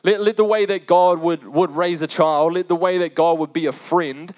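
Young man, preacher, sermon, casual slang, repeats phrases, slightly high voice. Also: steady tone, normal speed, a little mellow.

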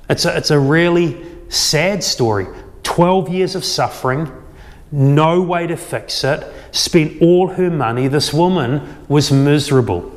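A man delivers a sermon, retelling a story with animated, acted-out quotes. His voice sits a bit high. It rings out with the long reverb of a large hall. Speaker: pastor.

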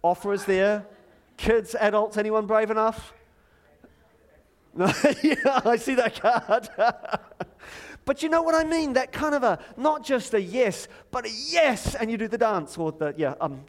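A middle-aged man preaching a lively, joking sermon from a church stage, chatty and self-deprecating, drawing the congregation in. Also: sits high, measured pace. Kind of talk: playful sermon with audience participation.

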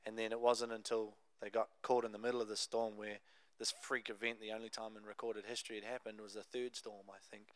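A young adult man preaching a sermon, telling a Bible story in a conversational, animated way with casual asides. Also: on the low side, brisk, hardly any pauses, no room sound. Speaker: pastor.

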